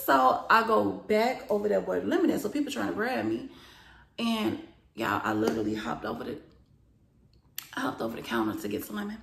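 Animated woman telling a storytime, echoey room. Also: mid-range voice, quick pace, creaky. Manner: animated, profane, acts out quoted lines with rising loudness. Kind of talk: storytime vlog.

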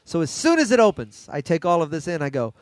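A man's voice: fairly high pitch, sing-song, fast, no room sound, studio quality. A man co-hosting a podcast, tipsy, telling a story in a casual chat and acting out both sides of the conversation. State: drunk and high. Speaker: podcast co-host.

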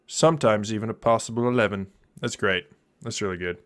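A man's voice: on the low side, a little fast. A man in his thirties giving goofy, joking commentary on a live stream while playing a drawing game. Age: 30s. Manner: goofy, jokey, with sudden loud silly outbursts.

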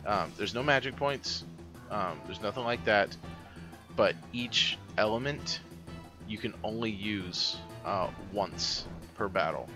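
Low-voiced man rambling over game music. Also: slow. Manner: rambling, filler-heavy explaining. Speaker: let's player. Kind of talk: casual gameplay commentary.

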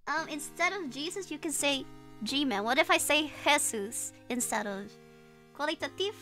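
Bright, high-voiced giggly woman streamer. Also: animated, slow pace, pauses often, soft background music. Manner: giggly, rambling, lots of ums and restarts. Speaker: streamer playing a horror game. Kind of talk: casual gameplay chat.

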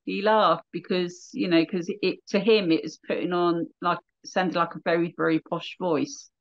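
Middle aged english lady from near london, chatty and laughy, kinda low voice, muffled lo-fi sound. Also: fairly even intonation, normal speed. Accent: Southern English. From England, near London. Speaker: radio DJ guest. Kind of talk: casual chat.

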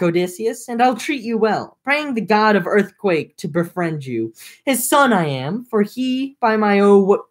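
A woman voicing a blinded, vengeful one-eyed giant in an amateur read-aloud of an epic. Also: close to an everyday voice. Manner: read aloud with plain lively pitch.

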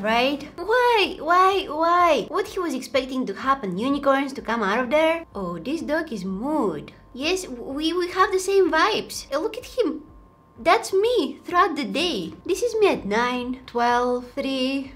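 A woman's voice: high-pitched, lively intonation, measured pace, a bit bright. A woman hosting a casual reaction video, exclaiming and laughing as she comments on clips.

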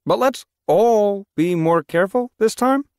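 A man's voice: high voice, expressive, a little slow, clear, resonant tone, dry recording, studio quality, voice pushed up. Man doing a concerned tom-cat mentor.

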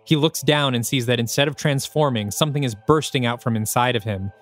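A man's voice: medium pitch, a little fast, fairly bright tone, faint music behind. A man, the host of a podcast, reading his own screenplay aloud with dramatic, descriptive present-tense narration.

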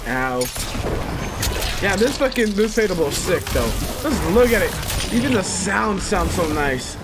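A man doing gameplay commentary for a let's play, excitable, yelping and laughing, swearing freely. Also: sits high, unhurried. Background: game music and fight sounds.

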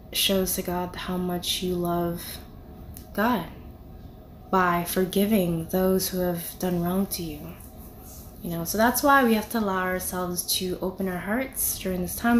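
A young woman gives a casual, conversational devotional talk for a video, filling it with "you know" and "like." Her voice is mid-range, and there's slight background noise.

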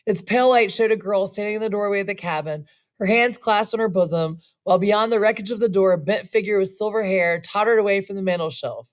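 Woman storyteller, mid-pitch, relaxed reading with chatty asides. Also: quick pace. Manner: casual, laughing asides. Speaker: reader and narrator. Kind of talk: reading a western short story aloud, with asides.

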